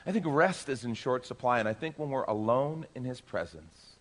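A male pastor preaching a sermon, animated and acting out everyday voices as he goes. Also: medium pitch, moderate pace, big-room sound.

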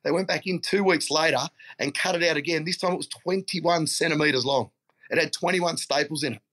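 A man's voice: a little high, fairly quick, fairly bright tone. Upbeat Australian man telling stories. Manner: blokey storytelling, calls people mate. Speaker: guest. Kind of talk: casual chat.

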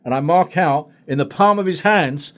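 A man's voice: a little high, moderate pace. A man telling a story as a guest therapist in a podcast interview, blunt and straight-talking with plenty of swearing.

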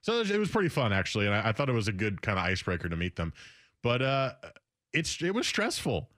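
Chatty low-voiced young man. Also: very animated, fast talker, fairly bright tone, no echo, clean studio sound. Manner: chatty, rambling with restarts. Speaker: radio show host. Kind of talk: casual chat.

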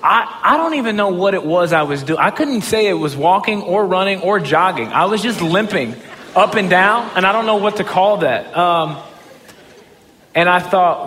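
A man giving a humorous, self-mocking storytelling talk as a motivational speaker, often breaking into excited shouts. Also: high-pitched, normal speed, long reverb tail, a little hiss or hum.

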